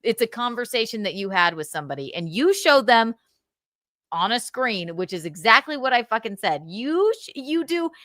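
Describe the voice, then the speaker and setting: A woman hosting a livestream, ranting heatedly about a man and swearing, with sudden loud outbursts and lots of repetition. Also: fairly high pitch, sing-song, moderate pace, no echo. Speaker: livestream host. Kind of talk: angry gossip rant on a livestream.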